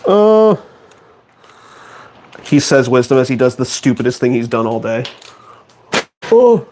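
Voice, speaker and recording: A man's voice: medium pitch, flat delivery, fast, darkish tone, slight background noise. A man streaming from his home studio, bantering with chat in a sarcastic, mock-outraged and self-mocking way. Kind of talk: casual live-stream chat.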